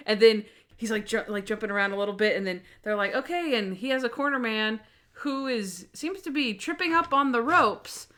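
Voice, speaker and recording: Animated woman podcast co-host. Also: fairly high pitch, a little fast. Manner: animated, laughing often, acting out quoted lines. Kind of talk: casual chat recapping a TV episode.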